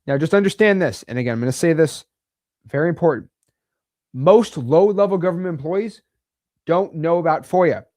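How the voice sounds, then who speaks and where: His voice is fairly high yet darkish, with lively intonation, normal speed and long pauses, recorded studio-quality without echo. He's an American man casually teaching real estate wholesaling to camera, blunt and emphatic with slangy asides.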